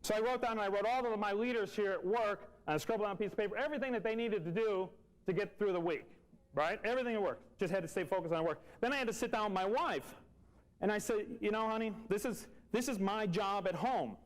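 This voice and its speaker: A man's voice: high voice, fast talker, poor audio. A man, telling a personal story earnestly and repeating phrases for emphasis. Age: 40s.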